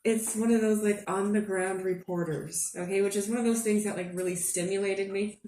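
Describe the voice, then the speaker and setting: A woman's voice: mid-range voice, steady tone, normal speed, mellow. Woman, casual vlog, giggly, chatty, says "okay?" a lot, distant from mic, roomy echo. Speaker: astrology forecaster. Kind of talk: casual spiritual forecast vlog. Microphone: headphones. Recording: roomy echo, a bit off-mic, faint room hum.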